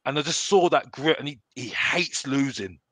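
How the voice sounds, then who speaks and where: Man, casual fan chat, halting restarts, bright voice, dry close sound. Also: mid-range voice, expressive, dry recording. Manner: rambling, repeats himself, halting restarts. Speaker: fan panelist.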